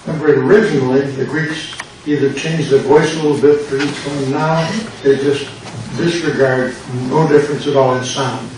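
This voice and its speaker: An older man, a pastor, slowly and patiently explaining grammar in a classroom lecture. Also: a little high, fairly even intonation. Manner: slow, patient explaining with repetition. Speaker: pastor teaching a Greek class. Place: church classroom. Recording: echoey classroom from far off with background noise.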